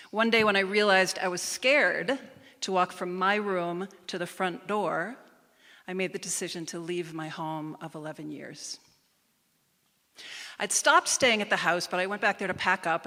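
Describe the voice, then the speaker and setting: A woman telling a personal story on a live stage, in a measured and emphatic manner. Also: mid-range voice, sharp tone. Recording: reverberant live hall.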